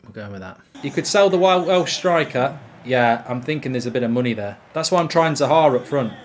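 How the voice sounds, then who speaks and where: Excitable sweary man gaming. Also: medium pitch, fairly quick, slight background noise. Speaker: gaming streamer. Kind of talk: live gameplay commentary.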